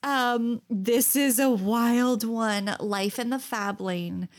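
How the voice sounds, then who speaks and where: Speaking slowly in a slightly high voice, a woman co-hosts a casual podcast conversation. She tells lively stories, laughs a lot, and acts out the quotes.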